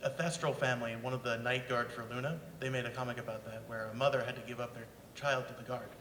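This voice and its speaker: Earnest bright-voiced male fan. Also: medium pitch, fairly even intonation, fast talker, slight background noise. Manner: rambling, earnest. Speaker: fan asking questions. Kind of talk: audience question at a panel. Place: convention hall. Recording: echoey hall mic.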